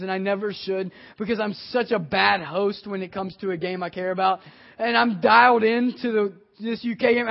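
A middle-aged man from Kentucky preaching a sermon, praying and then telling a lively story about himself. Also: high voice, creaky. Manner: animated storytelling, acting out his own excitement. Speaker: pastor. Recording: dull lo-fi sermon audio.

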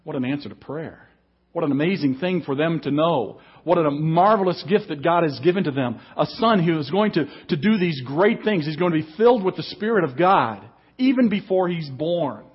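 Husky-voiced man preaching a sermon. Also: fairly high pitch, lively intonation, normal speed, muffled recording. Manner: emphatic preaching, reads scripture aloud. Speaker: pastor. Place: church service.

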